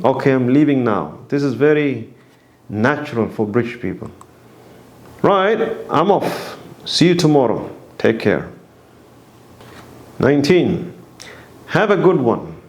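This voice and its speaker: Slow, lively-pitched man teaching phrases. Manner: slow, deliberate reading of phrases and example sentences. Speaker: English teacher. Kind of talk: scripted vocabulary lesson.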